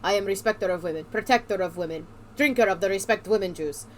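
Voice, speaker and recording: Majima, as a woman lowers her voice. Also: fast, slight background noise, natural voice. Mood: swaggering. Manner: boastful, lowered voice. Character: cocky male brawler, swaggering.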